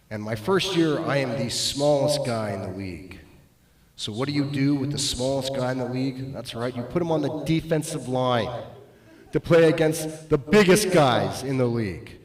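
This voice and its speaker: Slow, roomy-sounding male stand-up comic. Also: medium pitch. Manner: self-deprecating, swings between loud bursts and muttered asides. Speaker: stand-up comedian. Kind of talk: stand-up comedy storytelling. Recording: roomy echo.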